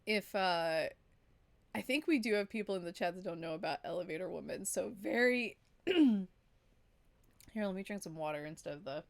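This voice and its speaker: A woman streaming a story game live, chatting casually and laughing often between her remarks. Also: fairly low pitch.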